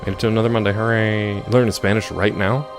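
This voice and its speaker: A hoarse man chatting casually and joking with viewers while he plays a video game. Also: on the low side, steady tone, quick pace, music in the background. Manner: joking, rambling, chats with viewers. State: hoarse from yelling. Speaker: gaming streamer. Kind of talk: casual gameplay commentary.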